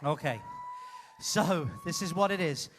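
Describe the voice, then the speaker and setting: A man hosting a live comedy show, teasing an audience member in a playful, loud way. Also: a little high, measured pace, a little hiss or hum. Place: cruise ship theater stage.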